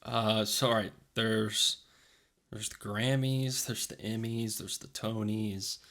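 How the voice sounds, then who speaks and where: A man's voice: on the low side, fairly even intonation, slow, a bit bright. A man co-hosting a podcast, giving short, dry, teasing reactions in casual chat. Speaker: podcast co-host.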